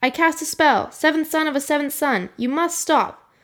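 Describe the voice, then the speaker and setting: Woman doing excitable boastful Uncle Thibault. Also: high voice, moderate pace, voice pushed up. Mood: pleading. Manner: eager, pleading, grandly hopeful. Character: excitable boastful uncle, middle-aged man.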